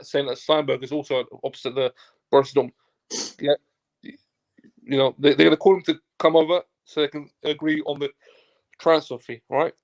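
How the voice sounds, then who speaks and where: Appearing as a guest, a football agent from Turkey spins a casual anecdote in a gravelly, slightly raised, fairly high voice. He keeps an animated tone, curses freely, and plays both sides of past conversations.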